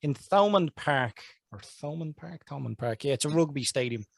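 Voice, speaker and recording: A man's voice: a little high, lively intonation, moderate pace, gravelly, dry recording, clean studio sound. A man with an Irish accent, a podcast co-host chatting casually, rambling and laughing often. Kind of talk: casual chat.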